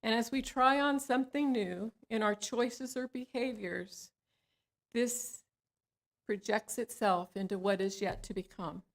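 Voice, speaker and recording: A woman, a licensed spiritual practitioner, leading a guided meditation in a slow, soothing cadence in a church hall. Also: on the high side.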